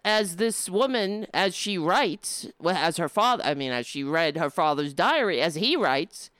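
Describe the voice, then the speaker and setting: Impassioned woman ranting, slow and smooth. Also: on the low side, lively intonation, fairly bright tone, no room sound. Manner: impassioned, indignant, with halting restarts. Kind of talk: opinion monologue.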